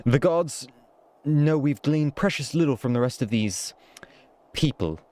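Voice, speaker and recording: A man's voice: mid-range voice, animated, a little slow, darkish tone, close to an everyday voice. A man voicing an earnest young male noble scholar, speaking formally and politely.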